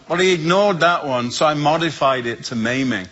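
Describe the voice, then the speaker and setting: A man with an English accent, a guest speaker telling a humorous personal story with lively voices for the people in it. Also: medium pitch, moderate pace, hardly any pauses, highs cut off. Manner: lively storyteller who acts out the voices in his tale.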